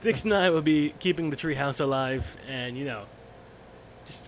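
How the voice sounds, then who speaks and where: A man co-hosts a gaming podcast at a middling pitch. He talks wryly, trailing off into fillers and throwing in dry jabs at a caller. Faint noise hangs behind his voice. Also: moderate pace. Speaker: podcast co-host. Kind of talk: casual gaming podcast chat.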